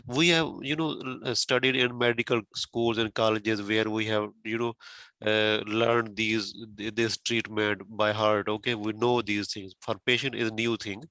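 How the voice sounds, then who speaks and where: A man talks a learner through feedback on a practice speaking exam, patient and methodical, explaining point by point. His voice is bright and of middling pitch, and he fills the gaps with "okay" and "you know". The recording is dry and close. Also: no echo, low-quality recording. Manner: repeats "okay" and "you know" often, many fillers; patient, explains step by step with everyday examples. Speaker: tutor giving exam feedback.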